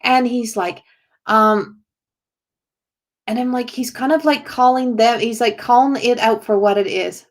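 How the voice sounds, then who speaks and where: A woman with a slightly high voice gives a spontaneous oracle card reading as a psychic medium. She rambles and restarts her sentences, full of "like", as she relays what a spirit tells her. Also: a little slow.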